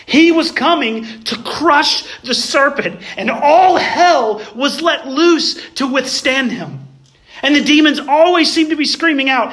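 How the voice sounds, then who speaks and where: A man preaching a sermon, emphatic, swinging between raised passages and hushed ones, and addressing the listeners as "guys". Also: extremely high pitch, expressive, unhurried. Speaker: pastor.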